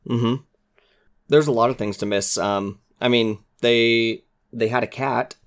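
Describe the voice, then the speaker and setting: A man's voice: mid-range voice, fairly even intonation, a little slow. A man guesting on a podcast, talking earnestly and with enthusiasm, sometimes acting out quoted lines. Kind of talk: casual chat.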